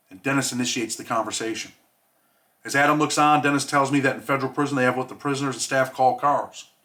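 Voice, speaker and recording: A man from New York reads from his own book in a steady, measured way, pausing on reflective lines. His voice is bright and forward, and his pitch sits in a middle range. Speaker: author reading his memoir. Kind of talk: audiobook reading.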